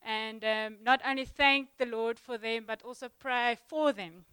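A young woman giving a sermon in a church, chatty and halting, full of ums and restarts. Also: on the high side, steady tone, bright, forceful tone, smooth, dry recording. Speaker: guest preacher. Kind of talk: sermon opening, casual warm address.

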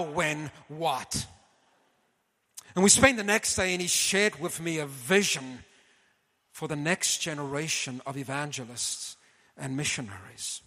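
Bright high-voiced man preaching in a hall. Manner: animated, keeps addressing the audience as folks; clears his throat often. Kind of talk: storytelling sermon to a congregation. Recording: long hall reverb.

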